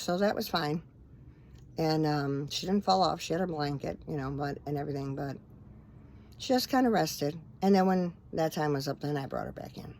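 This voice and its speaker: A middle-aged woman minister talks earnestly into her phone camera for a casual faith-talk vlog, rambling with plenty of fillers. Her voice is deep with a darkish tone. There's slight background noise.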